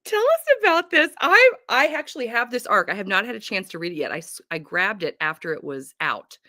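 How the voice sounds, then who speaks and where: A woman's voice: mid-range voice, very animated, a little fast, bright, forceful tone, dry recording, clean studio sound. A woman from North Carolina hosting a livestream book chat, bubbly and gushing, laughing often. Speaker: host. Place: home.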